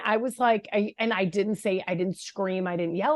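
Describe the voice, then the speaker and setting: A woman in her forties, a dating coach hosting the interview, who tells stories in a chatty, animated way. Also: mid-range voice, normal speed, hardly any pauses, dry recording. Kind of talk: casual interview chat.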